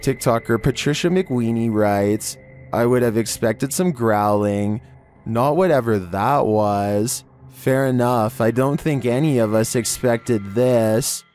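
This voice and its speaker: A man giving scripted narration in a measured, steady storytelling delivery. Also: mid-range voice, soft background music.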